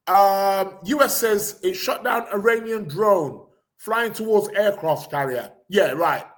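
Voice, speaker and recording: A man hosting a podcast, reading out the news in a rambling, sarcastic way, with lots of fillers and restarts. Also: high voice. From England. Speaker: podcast host. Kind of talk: casual live chat reading news.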